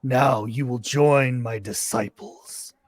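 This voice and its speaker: A man voicing a menacing spectral ghost, speaking slowly and ominously. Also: medium pitch, fairly even intonation, no echo, close to an everyday voice. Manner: slow, ominous delivery.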